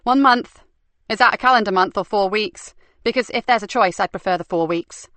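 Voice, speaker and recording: A woman's voice: medium pitch, brisk, fairly bright tone, no echo, close to an everyday voice. A woman voicing a tough, sardonic woman detective inspector in an audiobook. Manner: sardonic, defiant.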